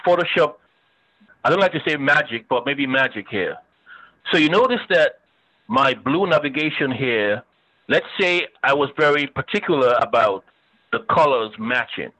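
Bright-voiced man teaching web design. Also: mid-range voice, poor audio. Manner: chatty, thinks aloud while demonstrating; joking with students. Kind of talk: casual screen-share lecture.

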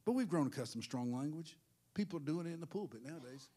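A male pastor preaching a sermon in church, swinging from hushed asides to shouted, sing-song peaks. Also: a little high, lively intonation, quick pace.

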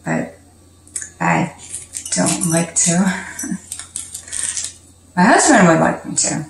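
A woman's voice: lowish voice, sing-song, drawn-out words, vocal fry, long pauses, a little hiss or hum. A woman hosting a home cooking video, chatting casually and laughing often as she cooks. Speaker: cooking show host. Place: home kitchen. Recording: echoey kitchen with music.

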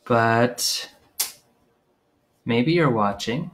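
A man's voice: mid-range voice, expressive, extremely slow, slight background noise. A man performing as a children's music entertainer, leading preschoolers through a live sing-along with short spoken prompts between songs. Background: his own guitar playing.

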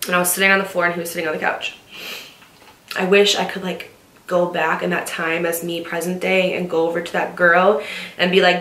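A young woman candidly telling a story about a past relationship at home, speaking in quick bursts and then slowing down when emotional. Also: fairly low pitch, level tone, a bit bright. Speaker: storytime vlogger. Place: at home, facing the living room. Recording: roomy echo, distant mic.

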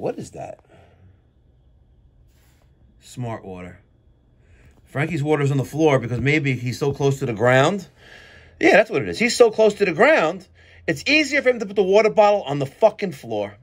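Angry, swearing man ranting, pitch jumping. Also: very animated, normal speed, pauses often, husky. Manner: angry, profane, swings between shouting and muttering. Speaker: plumbing business owner and show host. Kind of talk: ranting monologue to camera.

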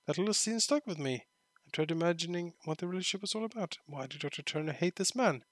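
A man playing a game on video, reading its narration aloud and adding joking comments, sometimes shouting in outrage. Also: high-pitched, lively intonation, quick pace, dry recording. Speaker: let's play commentator.

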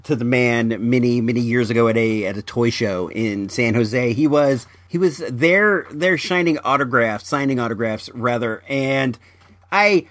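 A man hosts a podcast in a mid-pitched, everyday voice, chatting loosely and stumbling over his words, often saying them twice before he goes on. The sound is close and dry, with no room echo. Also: fairly bright tone. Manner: halting, repeats words, rambling. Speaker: podcast host. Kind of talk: casual chat.

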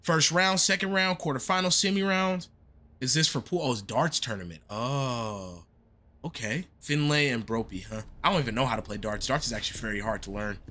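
A man's voice: mid-range voice, a little fast, sharp tone. A young man giving laid-back, slangy, rambling commentary while playing a horror game. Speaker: gaming streamer. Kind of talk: casual gameplay commentary.

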